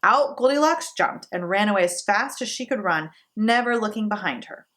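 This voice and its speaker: A woman hosting a storytime, reading a children's story aloud in an expressive, playful way. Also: medium pitch, moderate pace. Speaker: storytime host.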